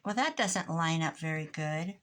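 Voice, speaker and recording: A woman's voice: deep voice, expressive, normal speed, a bit bright. A middle-aged woman from Iowa chatting casually as she works on a craft project at home, wandering off on tangents. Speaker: crafter vlogger. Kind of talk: casual chat while crafting.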